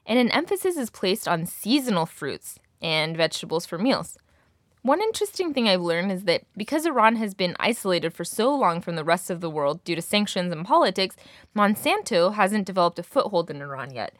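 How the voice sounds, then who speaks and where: Woman language teacher, lively up-and-down delivery, dry close sound, clear slow modelling of words. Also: mid-range voice, no room sound. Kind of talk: language lesson.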